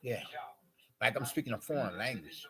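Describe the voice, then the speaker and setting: A man talks to camera in a long, meandering monologue, circling back with repeated filler and roundabout phrasing. His voice sits at an ordinary pitch, with crowd chatter in the background. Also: lively intonation, normal speed, low-quality recording. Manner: wordy, repetitive, full of filler phrases. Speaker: vlogger.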